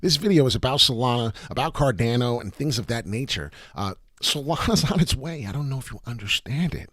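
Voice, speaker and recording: Man, New Jersey accent, live crypto stream host, hyped and cursing, pitch swinging up and down, dry close sound. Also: lively intonation, brisk, a bit bright, no echo. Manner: hyped, profane, rambling. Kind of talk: live crypto chart talk.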